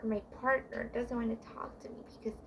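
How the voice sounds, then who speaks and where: A woman talks straight to camera in a casual, confiding advice monologue. Her voice sits high. She rambles earnestly, restarting her sentences and leaning on fillers as she goes. A faint background hiss runs under her voice. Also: level tone, quick pace. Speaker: vlogger giving relationship advice.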